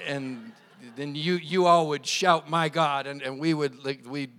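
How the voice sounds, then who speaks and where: A man's voice: a little high, fairly even intonation, a little slow, a bit bright, clear, resonant tone. A man preaching a sermon at a church service, quoting scripture with passion and leading the congregation in call and response. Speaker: pastor.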